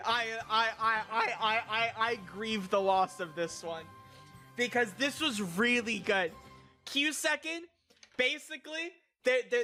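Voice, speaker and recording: Bright high-voiced young man, stammering. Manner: rambling, stammering, crude, mock-outraged outbursts. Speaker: streamer. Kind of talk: casual stream chat, reviewing viewer picks.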